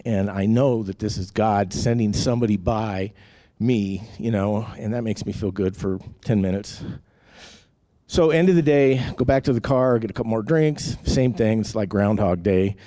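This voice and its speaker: A man's voice: fairly low pitch, normal speed, dark tone, dry recording, clean studio sound. A man giving a rambling, candid personal testimony, full of fillers and restarts. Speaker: testimony speaker.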